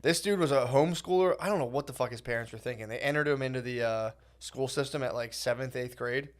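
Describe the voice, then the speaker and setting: A man co-hosting a podcast, telling profane stories in an excitable, casual chat. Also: mid-range voice, fast talker.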